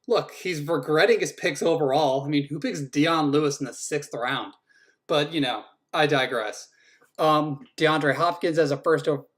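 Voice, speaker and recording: A man acting as league commissioner, giving a casual, teasing run through each team's draft picks and swearing now and then. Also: a little high. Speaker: fantasy football league commissioner. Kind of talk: casual team-by-team draft rundown.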